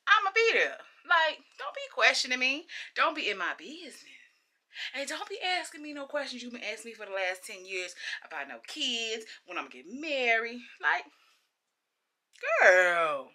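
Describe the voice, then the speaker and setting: A woman in her late thirties vents to her followers in a casual vlog rant, blunt and sassy. Her voice is bright and sharp, with a higher pitch that leaps up and down as she stresses her points. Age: late 30s. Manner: blunt, exasperated, emphatic and sassy. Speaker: vlogger.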